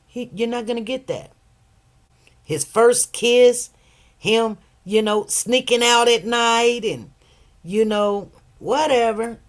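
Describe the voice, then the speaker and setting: A woman's voice: on the high side, slow pace. Emotional woman rambling on a livestream. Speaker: livestream host. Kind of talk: casual livestream commentary.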